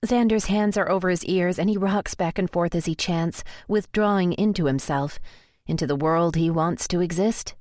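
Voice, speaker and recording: A woman with a lowish voice reads a first-person romance audiobook, steady and tense in her storytelling. The sound is dry and close, with no room echo. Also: normal speed. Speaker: audiobook narrator.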